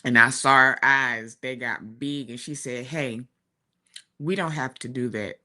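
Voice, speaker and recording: Woman talk show co-host, forties, slow chatty storyteller, bright voice. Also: rumbling low. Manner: chatty, warm storytelling with laughs and asides. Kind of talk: casual chat. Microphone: streaming studio mic.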